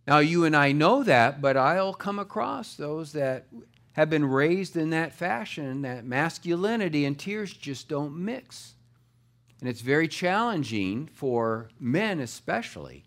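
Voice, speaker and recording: A man's voice: a little high, expressive, a little slow, a bit bright. A middle-aged man preaching a sermon to his congregation in a conversational way, with rising and falling emphasis. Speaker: pastor.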